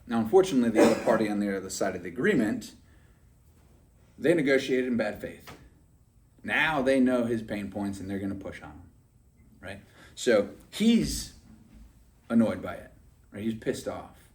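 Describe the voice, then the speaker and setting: A man's voice: fairly low pitch, lively intonation, moderate pace, pauses often, distant mic. A man giving a motivational sales training talk, chatty and often asking "right?" to check in with his listeners.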